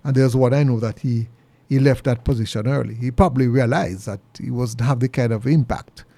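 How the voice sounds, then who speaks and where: A middle-aged Jamaican man delivers an earnest, preachy opinion monologue in a gravelly voice. He sits at an ordinary middle pitch but leaps much higher whenever he hammers a point home. The sound is dry and close. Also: brisk, mellow, no room sound. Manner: earnest and preachy, pitch jumps high for emphasis. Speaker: commentary show host.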